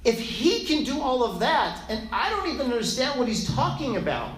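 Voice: sits high, sing-song, normal speed, fairly bright tone, pitched above the performer's own voice. A teacher putting on a pleading, awestruck Moses. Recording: echoey room with faint ambience.

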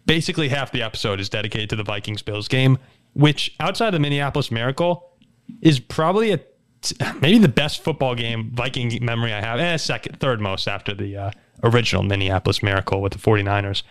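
Brief: male podcast host, mid-pitched, upbeat and chatty, runs the show. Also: fast talker. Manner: upbeat, steers the show and asks for likes and comments. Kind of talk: casual sports talk.

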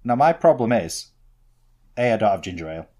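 Laid-back man, low voice. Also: big pitch swings, brisk, darkish tone. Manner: laid-back storytelling, dry humour. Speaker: podcast co-host. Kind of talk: casual banter.

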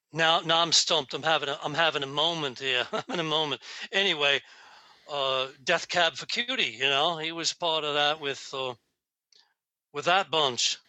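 A man's voice: fairly high pitch, unhurried, long pauses, sharp tone, dry recording, poor audio. A man in a time-traveling famous rock singer persona, chatting casually on a podcast with rambling, laughing anecdotes.

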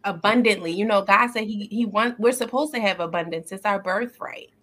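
Brief: upbeat woman podcast host, bright tone, earnest faith chat, quick laughs. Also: medium pitch. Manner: upbeat, earnest, laughs often, many fillers.

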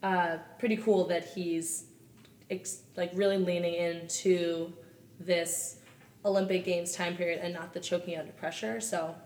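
Relaxed female podcast guest, lowish voice, distant mic, roomy sound. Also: unhurried. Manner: relaxed, easygoing, laughs readily. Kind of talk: casual chat. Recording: roomy, off-mic with faint noise.

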